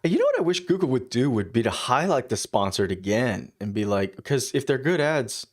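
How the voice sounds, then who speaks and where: A man's voice: mid-range voice, very animated, normal speed, few pauses. A man streaming his coding work, thinking aloud in a casual, musing way, often muttering half-finished asides to himself. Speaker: developer livestreaming his coding.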